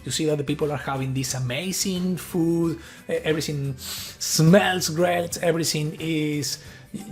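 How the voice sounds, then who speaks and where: A man's voice: on the high side, steady tone, measured pace, soft background music. A man from Argentina, a native Spanish speaker with an Argentine accent, giving an earnest, persuasive tech conference talk built around an analogy.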